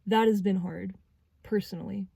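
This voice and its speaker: Halting, heartfelt young woman tarot reader. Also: medium pitch, steady tone, creaky, warm tone, breathy edge, dry recording. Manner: halting, searching for words. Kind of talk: spiritual tarot reading.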